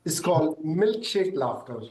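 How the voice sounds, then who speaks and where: A man's voice: fairly high pitch, sing-song, unhurried, darkish tone, echoey room. A man instructing laughter yoga exercises in an upbeat video.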